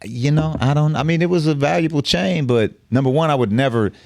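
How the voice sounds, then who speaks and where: A man's voice: fairly high pitch, a little fast, creaky, no echo, studio quality. A middle-aged man telling a story on a podcast, casual and profane with street slang. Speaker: podcast guest.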